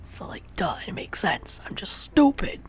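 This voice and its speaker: A woman's voice: medium pitch, sing-song, unhurried, breathy edge. Giggly woman, often half-whispering. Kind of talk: casual chat.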